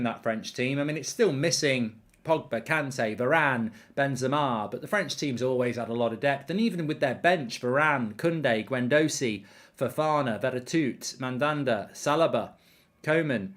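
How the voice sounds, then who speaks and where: A man hosting a live football watchalong stream, chatting casually, rambling with lots of ums and reading viewers' comments aloud. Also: medium pitch.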